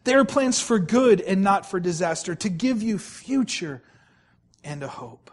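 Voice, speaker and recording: High-voiced man preaching a sermon. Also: lively intonation. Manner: emphatic, repeats phrases, slows right down to stress key words; addresses and questions the congregation directly. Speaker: pastor.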